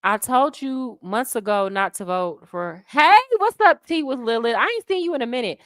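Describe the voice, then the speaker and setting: A woman's voice: on the high side, lively intonation, moderate pace, a bit bright, no room sound, clean studio sound. A woman from the United States who hosts a casual travel livestream, chatting animatedly with viewers, laughing often and speaking in slang. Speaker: expat travel livestream host. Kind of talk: casual livestream chat, answering viewer comments. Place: Colombia, living abroad.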